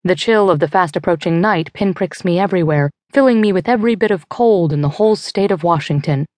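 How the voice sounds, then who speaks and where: A woman reading a first-person thriller audiobook in a lowish, even voice. The studio sound is close and dead dry, her delivery tense and measured. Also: no room sound. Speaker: audiobook narrator. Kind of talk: first-person scripted narration. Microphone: close studio mic.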